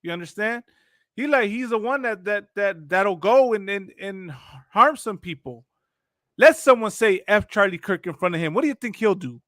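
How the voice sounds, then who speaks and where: A man's voice: high-pitched, animated, moderate pace, fairly bright tone, dry recording, clean studio sound. A man hosting a talk show and reacting to videos, with mocking, preachy religious commentary full of repeated phrases.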